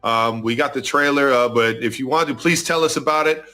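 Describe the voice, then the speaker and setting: A man's voice: mid-range voice, a little fast, bright, forceful tone. A man hosting a casual podcast, steering the chat and cheering on his guest. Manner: easygoing, encouraging interjections. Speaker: podcast host.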